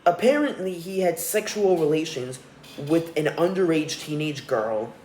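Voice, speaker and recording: A man's voice: fairly high pitch, animated, moderate pace, a little mellow, a little hiss or hum. A young man hosting a solo podcast, ranting with profanity and scorn. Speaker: podcast host. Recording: roomy echo.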